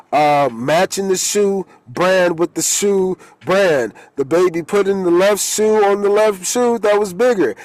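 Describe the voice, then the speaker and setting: A man's voice: high voice, no room sound, low-quality recording. A man, a holistic coach, giving a rambling, casual spiritual talk and swearing when he gets heated.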